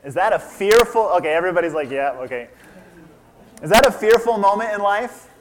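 A man in his thirties preaching, his voice sitting a touch higher than most men's. He retells a story in sermon style, stops to ask his listeners questions, and acts out the quoted lines. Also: expressive, a little fast.

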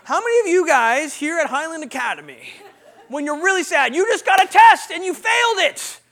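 High, bright-voiced man telling a story. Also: fairly quick. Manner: animated, quizzes the audience with questions. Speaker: guest speaker sharing his testimony. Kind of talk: storytelling talk to a student audience.

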